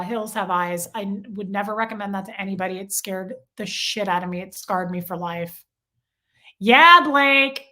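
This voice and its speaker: A woman's voice: medium pitch, pushed and bright. A woman hosting a livestream, chatting casually and gushing as she reads out viewer comments. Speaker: livestream host.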